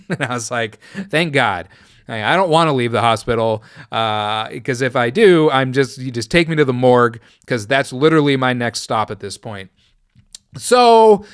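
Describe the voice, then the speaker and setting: A man's voice: mid-range voice, a bit bright, clear, resonant tone, no echo, clean studio sound. A man hosting his own podcast, telling a personal story in a casual, rambling and profane way. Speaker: podcast host.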